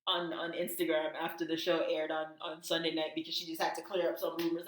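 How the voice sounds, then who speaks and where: A woman co-hosting a casual podcast, telling gossip and acting out quotes in high voices. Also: little pitch movement, brisk, hardly any pauses. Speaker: podcast co-host. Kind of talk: casual chat. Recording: echoey room.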